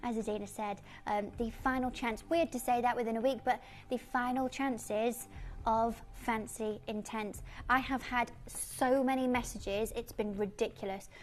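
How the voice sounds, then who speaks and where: A woman presenting beauty products on a live shopping channel, friendly and conversational. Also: fairly high pitch.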